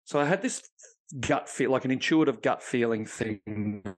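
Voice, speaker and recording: A man speaking as a podcast guest, telling a personal story in a frank, unpolished way. His pitch sits in the middle range for a man. He swears freely and slips into the voices of people he quotes as he recounts conversations. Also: normal speed. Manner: blunt and profane, acting out remembered dialogue.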